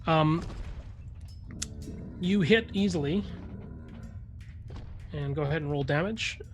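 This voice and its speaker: A man's voice: a little high, slow pace, soft background music. A man running a tabletop game as game master, narrating with many fillers and restarts.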